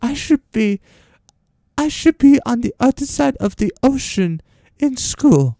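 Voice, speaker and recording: A teenage boy putting on a mocking impression of a scolding teen girl activist, slow and exaggerated. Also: very high voice, lively intonation, gravelly, mellow, dry recording, clean studio sound, pitched above the performer's own voice, exaggerated voice.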